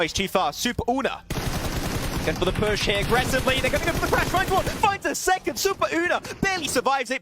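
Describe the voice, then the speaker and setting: A young man casting an online shooter match alone, excitable, his voice jumping up on big plays and laughing at himself between calls. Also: high voice, background noise. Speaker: esports caster streaming solo. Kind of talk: live game commentary with chat asides.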